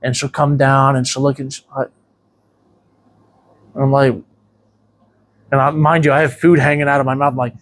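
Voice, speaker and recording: A man's voice: medium pitch, level tone, normal speed, pauses often, a little hiss or hum. A man who owns a tattoo shop, a podcast guest telling rambling, profane stories full of "you know.". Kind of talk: casual interview storytelling.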